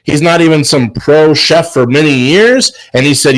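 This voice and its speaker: This host of a chef business show has a fairly high-pitched voice and speaks unhurriedly with few pauses. Over a poor-audio video call, he gives a preachy, emphatic motivational talk and keeps repeating words.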